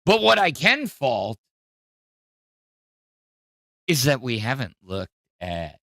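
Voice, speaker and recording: A man's voice: mid-range voice, huge pitch swings, takes it slowly, gravelly, a bit bright, no room sound. A man hosting a podcast, giving rambling, hesitant casual commentary with many fillers on a close mic. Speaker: podcast host.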